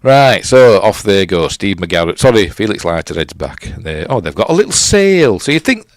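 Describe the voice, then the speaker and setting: A man's voice: fairly low pitch, big pitch swings, normal speed, no room sound, clean studio sound. A middle-aged man with a Yorkshire accent, rambling through a casual film commentary, correcting himself and chuckling between fillers. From Yorkshire, England. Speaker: film reviewer, host.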